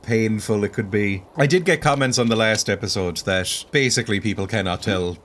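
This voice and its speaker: A man's voice: fairly low pitch, brisk, fairly bright tone, slight background noise. An Irish man in his late twenties giving chatty, self-mocking commentary while he plays a game and often breaks into exclamations. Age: late 20s. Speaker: let's play host. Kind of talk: gameplay commentary.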